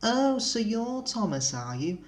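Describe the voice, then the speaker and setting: Man voicing cocky road bus, drawls slowly, mocking, storybook. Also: high-pitched, sing-song, voice pushed up. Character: boastful male country bus, teasing.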